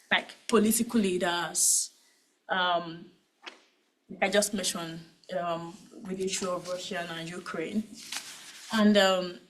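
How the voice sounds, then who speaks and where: A woman's voice: medium pitch, slight background noise, poor audio. A woman with a Nigerian accent speaks at a conference panel in a mid-range voice. She talks casually, with plenty of "right?" and "um" as she explains her points. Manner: conversational, many tag questions and fillers. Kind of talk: conference talk.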